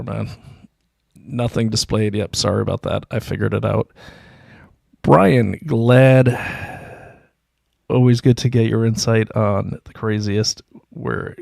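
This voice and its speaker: A man's voice: lowish voice, gravelly, a little mellow, no room sound, studio quality. A middle-aged man hosting his own livestream, rambling through anecdotes and reading viewer comments in a casual, self-deprecating way. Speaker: livestream host. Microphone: desk mic, self-produced stream.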